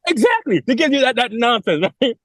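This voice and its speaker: A New York man, a guest on a podcast, tells his story fast and animatedly, his fairly high, sing-song voice leaping up and down as he acts out other people's lines. He often restarts and repeats words. The sound is close and dry, with no echo or room.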